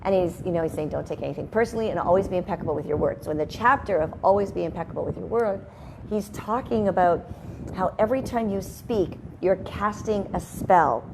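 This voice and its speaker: A woman's voice: on the low side, a little fast, background noise. A woman hosting a casual motivational talk from her home, chatty and rambling with frequent sidebars. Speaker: host. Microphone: headphones and microphone at a video call setup.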